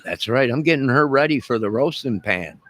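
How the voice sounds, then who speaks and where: Expressive and a bit bright, this medium-pitched male voice moves at a moderate pace. The host of an online music and movie channel, he drawls through a rambling, boastful, mock-menacing comic rant aimed at his viewers.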